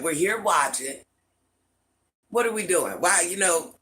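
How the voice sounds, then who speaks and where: A woman's voice: fairly low pitch, lively intonation, measured pace, long pauses, fairly bright tone, a little hiss or hum, poor audio. An older woman hosting a casual livestream from home, chatting with viewers and greeting them with pet names. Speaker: livestream host.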